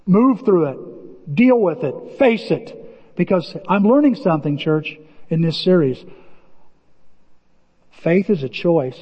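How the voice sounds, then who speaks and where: A man preaching a sermon as pastor, animated, acting out quotes and often repeating words. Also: high voice, slow pace, long pauses, husky, in a large hall, muffled recording.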